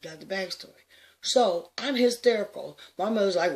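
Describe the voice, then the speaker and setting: A woman, likely in her sixties, telling a personal story with emphatic swings from hushed to loud, laughing often. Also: on the low side, lively intonation, moderate pace, creaky.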